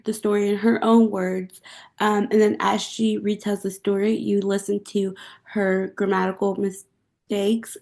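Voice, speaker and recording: A woman's voice: medium pitch, vocal fry, a little mellow. A young woman giving a class presentation as a student, explaining casually with occasional fillers.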